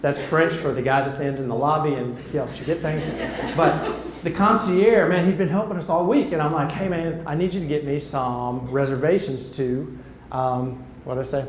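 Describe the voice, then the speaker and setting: A middle-aged man giving a keynote speech at a luncheon, telling an animated story and acting out the dialogue. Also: a little high, fairly quick, roomy sound. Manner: animated, acts out dialogue in quotes. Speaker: keynote speaker. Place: large hall at a luncheon.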